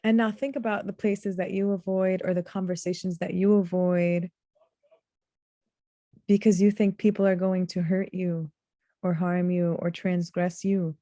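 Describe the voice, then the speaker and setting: A woman teaching a reflective lesson on scripture, earnest and deliberate, drawing out the words she wants to stress. Her voice is mellow and soft-edged. The sound is close and dry. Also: on the low side, flat delivery, no room sound. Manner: earnest, slows to stress key words, recites Arabic verses. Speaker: Quran teacher.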